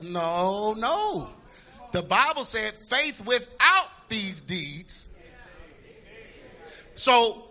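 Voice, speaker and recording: A middle-aged man preaching a sermon, animated and humorous, shouting for emphasis as he tells stories. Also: extremely high pitch.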